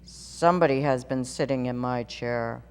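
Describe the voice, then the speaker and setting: A woman voicing a great huge papa bear with a rough, gruff voice. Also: extremely low pitch, moderate pace, darkish tone, pitched below the performer's own voice. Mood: indignant. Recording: reverberant room with faint hum.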